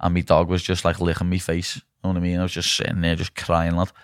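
A man and fighter telling stories in a casual podcast chat, animated and swearing often. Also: deep voice, fast talker, dry recording, studio quality. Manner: animated storytelling, swears often, says "lad" constantly.

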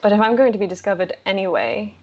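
A woman in a tabletop game who talks in halting, restarting phrases as she thinks aloud. Her voice sits at a middle pitch. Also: expressive, darkish tone, husky, muffled recording. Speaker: player. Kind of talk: casual role-play chat.

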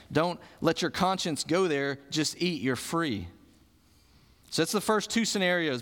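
A man preaches in a relaxed, conversational way, posing questions to the room and then answering them. His voice sits high for a man. The sound carries a long reverb from a church hall. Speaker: pastor. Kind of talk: sermon.

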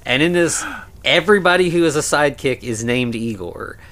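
A man's voice: medium pitch, expressive, a little fast, fairly bright tone. A man co-hosting a podcast, talking through a film in a casual, rambling way with many fillers and restarts. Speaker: podcast co-host.

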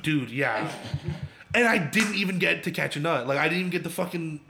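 A man's voice: on the high side, animated, brisk, vocal fry, sharp tone, a little hiss or hum. A young man on a podcast, telling a long story in rambling casual chat with many restarts and swearing. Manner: rambling storyteller who stammers and swears a lot. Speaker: podcast co-host.

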